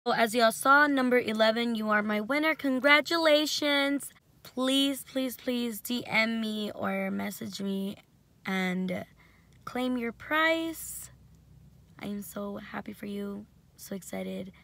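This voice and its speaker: A woman's voice: mid-range voice, measured pace, gravelly. A young woman vlogger casually telling a storytime between bites, with lots of "like" and quoted dialogue. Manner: animated retelling with lots of "like". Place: indoors, eating at a table. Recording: echoey room from a distance with some noise.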